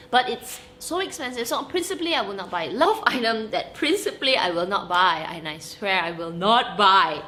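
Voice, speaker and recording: A young woman in a mid-range voice talks casually to camera for her vlog, with slight background noise. Her delivery is animated and emphatic, full of laughs and repeated "okay?" for emphasis.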